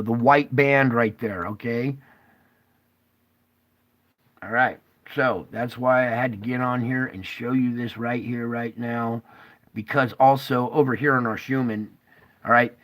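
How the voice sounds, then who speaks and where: Male streamer, unhurried delivery, urgent and emphatic, constantly checking that viewers follow, bursts of loudness dropping to hushed asides. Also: mid-range voice. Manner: urgent, pointing things out, frequent "okay?" and "all right?" checks to viewers; alarmed and emphatic, swinging between loud bursts and hushed asides. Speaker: online streamer explaining space-weather charts. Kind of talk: live stream commentary over screen charts.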